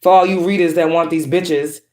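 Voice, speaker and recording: A woman giving a tarot reading as a spiritual monologue, cursing freely and swinging between calm, preachy warmth and harsh put-downs. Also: on the low side, normal speed, roomy sound. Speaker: tarot reader.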